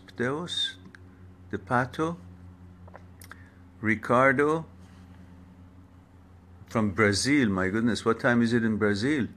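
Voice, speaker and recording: A man of middle pitch hosts a live online talk at a very slow, deliberate pace. He greets viewers one by one by name and stumbles over the harder names. His tone stays casual and chatty throughout. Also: pushed and bright, slight background noise. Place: home setup for a social media live stream.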